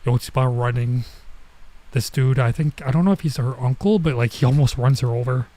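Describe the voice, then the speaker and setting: A man streaming as he reads a manga aloud, thinking out loud and hesitating while he works out translations. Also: mid-range voice, brisk, no room sound, poor audio.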